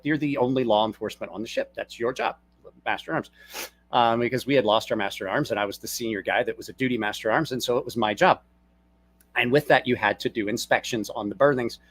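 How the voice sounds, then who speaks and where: A man's voice: medium pitch, a bit bright, slightly rough. A middle-aged man hosting a casual stream from his desk at home, rambling loosely and breaking into laughter while he tells stories. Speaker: channel host. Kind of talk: casual livestream chat and storytelling.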